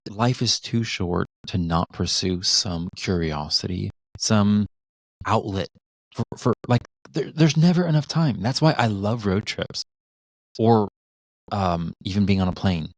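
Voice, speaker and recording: A middle-aged man with a low voice talks in loose, reflective podcast chat, restarting his sentences as he thinks. The recording is dry and close. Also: measured pace, no room sound. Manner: reflective, many restarts and fillers. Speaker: podcast co-host. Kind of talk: casual conversational chat.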